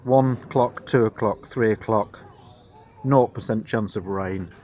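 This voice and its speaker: Weary, deadpan man vlogging outdoors. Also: measured pace. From Britain. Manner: dry, self-deprecating, low-energy monotone. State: tired. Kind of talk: casual travel vlog to camera. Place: outdoors on a cycling trip.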